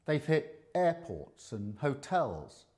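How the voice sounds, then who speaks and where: Slow, measured man giving a formal address. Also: medium pitch, very animated, darkish tone. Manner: measured, deliberate delivery. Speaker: politician giving a statement.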